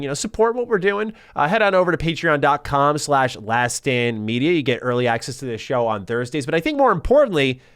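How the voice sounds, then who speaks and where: A man's voice: medium pitch, fairly bright tone, clean tone, no room sound, clean studio sound. Chatty man hosting a podcast. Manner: upbeat, chatty, laughs easily. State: recovering voice, occasional cough. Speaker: podcast host. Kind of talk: casual podcast chat.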